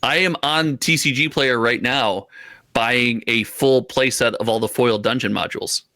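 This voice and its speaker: A man born in Italy co-hosting a casual card game podcast, teasing his partner with quick wisecracks. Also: medium pitch, pushed and bright, no room sound. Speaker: podcast co-host. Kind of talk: casual chat about trading card games.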